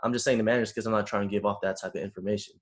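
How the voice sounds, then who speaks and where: A young man from the Bay Area telling a story in casual conversation, animated, acting out the voices of the people he quotes. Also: lowish voice, racing. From San Francisco Bay Area. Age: young adult. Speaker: panel guest.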